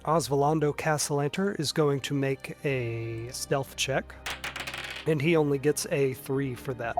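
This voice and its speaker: A man's voice: medium pitch, measured pace, faint music behind. A man narrating a tabletop game as game master, casual, often saying "like". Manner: casual, frequent "like" fillers.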